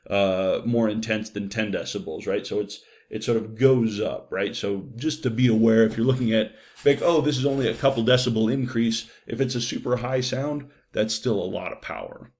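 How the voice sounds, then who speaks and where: Chatty male lecturer, low voice. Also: moderate pace, darkish tone. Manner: loose and conversational, many fillers and "right?" checks. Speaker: psychology lecturer. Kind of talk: recorded university lecture.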